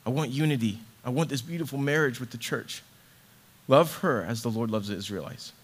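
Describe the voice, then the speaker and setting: A man with a mid-range voice reads scripture briskly and reflects on it, earnest and heartfelt. He's a church ministry associate director, and he repeats words as he searches for the right ones.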